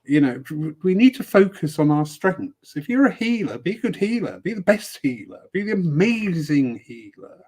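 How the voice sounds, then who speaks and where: A man's voice: a little high, big pitch swings, normal speed, hardly any pauses, a little mellow, husky. Chatty, rambling male host. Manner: chatty and rambling, with playful asides. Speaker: spiritualist service leader. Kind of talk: casual live-stream chat.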